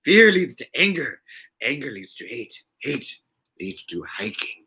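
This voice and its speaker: A man voicing an ancient, tiny, wise male alien master, speaking in halting, inverted sentences as a comic impression. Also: mid-range voice, big pitch swings, sharp tone, husky, heavily acted. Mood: mock solemn. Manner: inverted word order, halting, breaks into laughter. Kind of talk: comic impression reading a word game.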